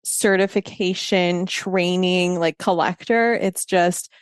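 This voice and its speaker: A woman host in casual chat, agreeable and quick to laugh. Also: fairly low pitch, steady tone, clear, resonant tone, dry recording, clean studio sound. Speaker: podcast host.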